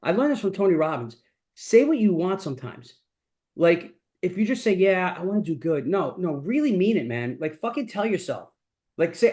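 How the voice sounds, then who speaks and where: A man's voice: sits high, big pitch swings, normal speed, a little mellow. A middle-aged man hosting a mastermind, giving a blunt, profane motivational talk that keeps returning to the same catchphrases. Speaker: mastermind host.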